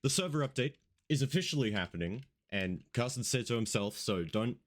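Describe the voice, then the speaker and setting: A man's voice: mid-range voice, lively intonation, brisk. A man hosting an online radio show, rambling loosely through news and events, swearing casually and sounding like he just woke up.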